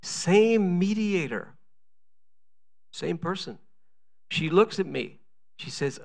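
Male pastor, middle-aged, gravelly voice, storytelling sermon, acts out quoted voices. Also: high-pitched, expressive, takes it slowly, long pauses, a little mellow.

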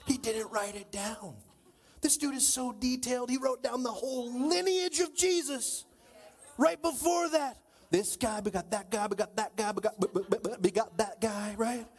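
A man preaching a sermon in church, animated, swinging between loud exclamations and low asides. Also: normal speed, breathy edge. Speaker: pastor.

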